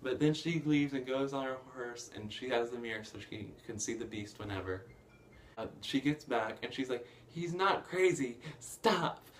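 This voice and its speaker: A man's voice: medium pitch, moderate pace, a little hiss or hum. Chatty young man recapping a movie. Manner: rambling, many fillers, bursts of excitement. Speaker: movie reviewer. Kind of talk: casual plot recap.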